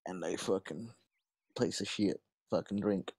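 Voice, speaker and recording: A man's voice: low voice, measured pace, a little mellow, husky, no echo. Swearing young Australian man, dry sound. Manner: swears constantly, loose and boastful. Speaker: livestream gamer. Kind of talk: casual chat over voice call.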